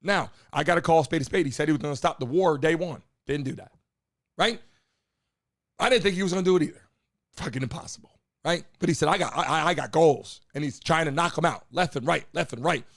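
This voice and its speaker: Gravelly, emphatic live-stream host man. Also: on the high side, fast, a bit bright. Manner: emphatic, talks straight to viewers, swears often; repeats lines, asks chat to respond. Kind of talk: live-stream political commentary.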